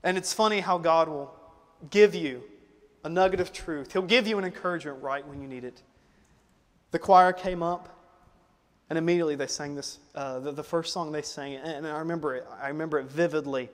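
Young guy preaching, pretty high voice, goes from loud to hushed and emotional, long church echo. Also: fairly quick. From United States. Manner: swings from loud preaching to quiet, emotional storytelling. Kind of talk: sermon. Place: church auditorium.

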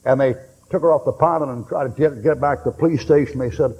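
An older man preaching a sermon, telling folksy war stories and breaking into loud bursts. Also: medium pitch, fairly even intonation, fast, husky. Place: church hall. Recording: long hall reverb.

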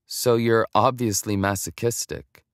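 A male narrator putting on a young woman's voice, raised well above his own low register. She is candid and nervous, blurting things out, and it is heard close and dry in a storybook reading. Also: fairly even intonation, unhurried, dry recording, natural voice. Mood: earnest. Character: young woman, a candid, self-conscious college student.

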